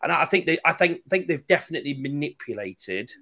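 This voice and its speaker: A man in casual chat, an animated, sardonic storyteller who swears freely. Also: fairly high pitch, a little fast.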